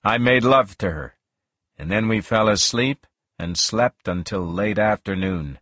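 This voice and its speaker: A man reading a first-person novel aloud in a slow, measured, expressive way. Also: lowish voice, husky, no room sound, studio quality. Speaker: audiobook narrator.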